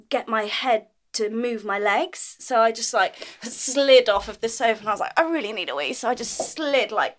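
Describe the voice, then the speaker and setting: Woman on a chat podcast, mid pitch, giggly, acts out her stories. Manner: animated storytelling, laughs often, acts out her own lines. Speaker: podcast co-host. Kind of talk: casual chat.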